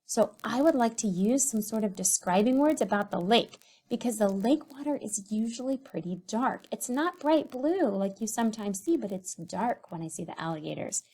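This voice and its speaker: A woman's voice: a little high, lively intonation, darkish tone, breathy edge. Teacher woman sounding out syllables. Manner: slow, sing-song, sounds out syllables and letters. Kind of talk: recorded writing lesson for young children.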